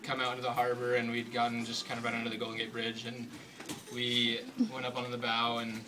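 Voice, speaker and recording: A man's voice: mid-range voice, fast talker, distant mic, noisy background. Chatty young man telling a story. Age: young adult. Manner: relaxed, chatty, with nervous laughs. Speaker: newly engaged college student. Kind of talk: casual storytelling to an audience.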